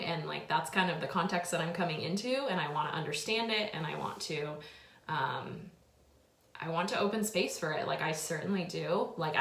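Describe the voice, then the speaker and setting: A woman's voice: fairly low pitch, a bit bright. A young woman in her twenties telling a personal story, tearful and overwhelmed, full of filler words. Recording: echoey room.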